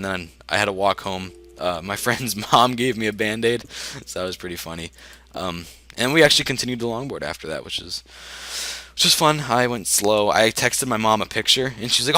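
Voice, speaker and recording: A man's voice: lowish voice, a little fast, pushed and bright, no room sound. A teenage boy telling rambling stories while playing a game, laughing often with many ums and restarts. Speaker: gaming video host. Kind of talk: casual storytelling while playing.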